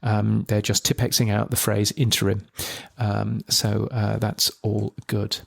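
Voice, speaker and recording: A man's voice: on the low side, level tone, unhurried, gravelly. A man hosting a podcast news roundup in a casual, rambling way, full of ums and dry jokes.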